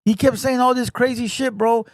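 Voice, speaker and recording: A man with a notably high speaking voice tells a story on his livestream, loose and profane, full of slang and repeated phrases. His voice sits dry and close, with no room sound around it. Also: normal speed, no echo. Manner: profane, slangy, animated retelling; repeats phrases, addresses listener as bro. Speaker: livestream host.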